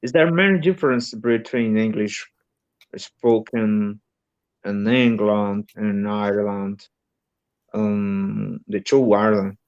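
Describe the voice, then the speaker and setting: A man's voice: lowish voice, steady tone, takes it slowly, a little mellow, lo-fi sound. A man from Brazil with a Brazilian Portuguese accent, a native Portuguese speaker, asking questions in an English lesson and hesitantly searching for words. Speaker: English learner. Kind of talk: student in an online lesson.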